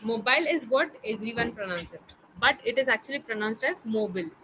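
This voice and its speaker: A young woman teaches pronunciation in an online lesson, her voice bright and a little high. She spells words slowly, letter by letter, and keeps checking that her student follows. A faint hiss sits under the recording. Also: animated, rough recording. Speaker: English tutor.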